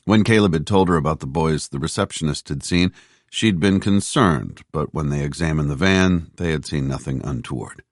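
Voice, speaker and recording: A man reading a thriller audiobook in a measured, steady narration on a close mic. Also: a bass voice, dry recording. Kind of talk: scripted narration.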